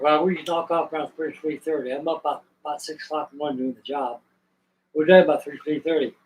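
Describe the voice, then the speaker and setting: A man's voice: on the high side, fairly even intonation, fast talker, darkish tone, distant mic, low-quality recording. An older man from Virginia, hosting a live stream, spinning a rambling, folksy story with restarts. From Virginia, USA. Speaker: host.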